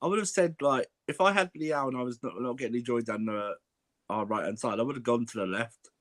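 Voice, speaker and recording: A man's voice: medium pitch, fast, fairly bright tone, no room sound. A man who says he is ill, chatting casually as a panelist and often putting questions to the group. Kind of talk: casual chat.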